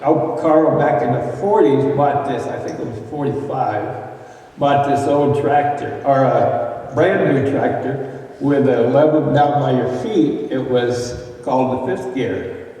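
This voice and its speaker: Heard from a distance in a reverberant hall, this older man from Arizona spins casual ranch tales of local history, as a former ranch boy would, padding them with plenty of fillers. He speaks at a measured pace in a dark, mid-range voice.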